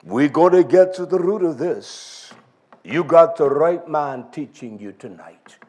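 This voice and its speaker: Emphatic male preacher, slow and lively. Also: fairly high pitch. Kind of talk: sermon.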